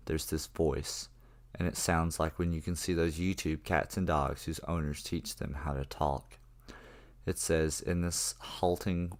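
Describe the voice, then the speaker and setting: A man narrating a horror story in a casual, profane first-person manner. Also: rumbling low. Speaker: creepypasta narrator.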